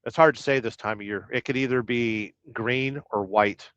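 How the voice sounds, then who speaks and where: A man's voice: medium pitch, normal speed, a bit bright, no echo, muffled recording. A man hosting a casual livestream from inside his truck, chatting and joking while reading viewer comments aloud. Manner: rambling, jokey, reads viewer comments aloud. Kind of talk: casual live-stream chat.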